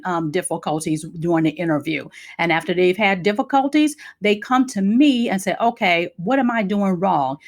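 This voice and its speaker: A middle-aged woman career coach giving an energetic talk on job interviews, her voice moving up and down. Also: mid-range voice. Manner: energetic, lively up-and-down delivery.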